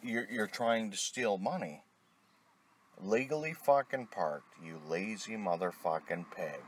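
A man's voice: on the low side, animated, unhurried. A middle-aged man delivering an angry, profane rant, blunt and tired. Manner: angry, blunt, heavy swearing.

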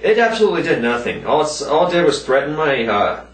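A man ranting casually to his viewers, rambling and swearing often, raising his pitch when he mimics other people. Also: sing-song, fast, roomy sound, far from the mic. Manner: rambling, swears a lot, voices quoted people in a higher pitch. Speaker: vlogger. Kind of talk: casual profane rant to viewers.

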